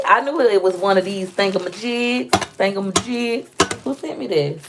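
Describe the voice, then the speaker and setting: Young woman, casual vlog chat, lowish gravelly voice, phone-recorded at home. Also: slight background noise. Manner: chatty, playful, talks to viewers while unboxing. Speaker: vlogger opening fan mail. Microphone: phone propped on a stand.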